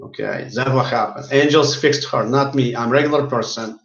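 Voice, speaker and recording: A man's voice: mid-range voice, fairly quick, a bit bright. A man who works as a healer tells a story in casual speech, often repeating and restarting his words. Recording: roomy, dull lo-fi sound.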